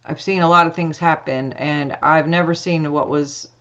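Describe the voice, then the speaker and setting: A woman's voice: low-pitched, steady tone, normal speed, a bit bright, lo-fi sound. A woman telling a personal story as a podcast guest, chatty, acting out dialogue with lots of fillers.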